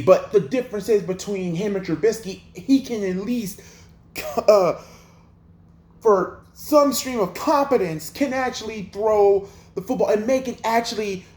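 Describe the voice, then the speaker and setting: A man's voice: high voice, darkish tone, echoey room. A man hosting a sports livestream, ranting in an exasperated, profane way with lots of rhetorical questions. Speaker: sports channel host.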